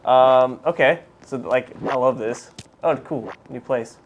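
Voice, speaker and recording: A man co-hosting a stream, excitedly chatting while he plays a fighting game. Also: medium pitch, a little slow, dull audio. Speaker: co-host. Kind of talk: casual gameplay chat. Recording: faint background noise.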